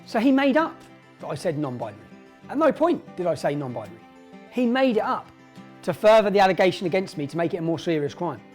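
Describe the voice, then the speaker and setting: A man's voice: high-pitched, big pitch swings, fast talker, darkish tone. English man, middle-aged, emphatic, indignant, repetitive, direct-to-camera monologue, faint music behind. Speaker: online commentator.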